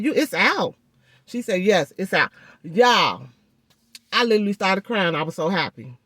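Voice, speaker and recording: A woman vlogger telling a story in a chatty, animated way, speaking through a swollen jaw and addressing viewers directly. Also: fairly low pitch, no echo, studio quality. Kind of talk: casual storytelling vlog.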